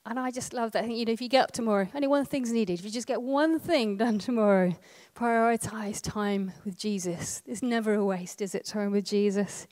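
A woman in her thirties giving a conversational teaching talk as a prayer ministry trainer, chatty, with quick asides and tag questions. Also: mid-range voice, a little mellow.

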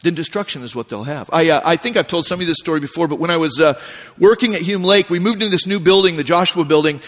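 High-voiced preacher in a reverberant hall. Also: male voice, fast talker. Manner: conversational storytelling with lively voiced asides. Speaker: pastor. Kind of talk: sermon.

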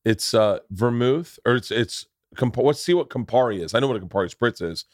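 A man hosting a podcast, telling stories in a casual chat, animatedly leaping into loud high voices when he quotes people. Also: animated, brisk, no room sound, clean studio sound. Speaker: podcast host.

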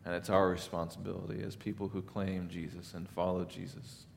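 Male pastor, low voice, earnest Christmas sermon, faint rumble behind. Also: level tone, a little fast, gravelly. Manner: earnest, builds up then drops to soft emphasis.

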